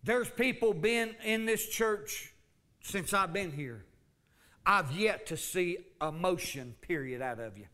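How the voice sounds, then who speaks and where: A man preaching a fervent sermon, swinging from loud calls to low asides. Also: animated, slow. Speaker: pastor.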